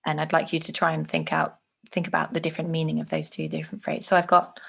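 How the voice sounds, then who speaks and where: A woman teaching an online lesson, explaining clearly and showing examples with her own voice. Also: low-pitched, flat delivery, fast.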